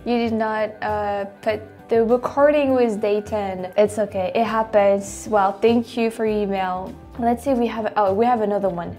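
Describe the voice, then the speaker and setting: A chatty woman with a French accent, a native French speaker, hosts a casual reaction video. She talks at a middle pitch, laughing easily and restarting her sentences, with faint music underneath. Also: steady tone, moderate pace, hardly any pauses, warm tone. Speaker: host.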